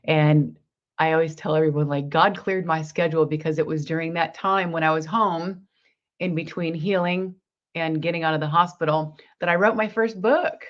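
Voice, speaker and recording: A woman's voice: low-pitched, steady tone, moderate pace. A woman, a guest in an interview, telling a personal story earnestly and acting out the dialogue in it. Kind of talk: personal testimony in conversation. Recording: slightly dull lo-fi recording.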